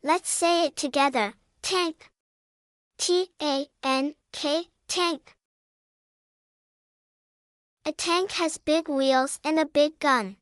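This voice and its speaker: A woman narrating a scripted vocabulary lesson for young children, spelling words out slowly and adding playful sound words. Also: high voice, no room sound, studio quality. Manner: slow, even spelling-out with cheerful sound words. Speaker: vocabulary teacher.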